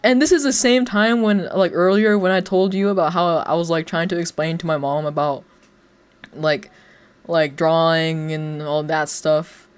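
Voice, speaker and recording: A man's voice: on the high side, steady tone, normal speed, smooth. A young man streaming, telling a story in a rambling, casual way, full of fillers and frequent laughs. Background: faint music.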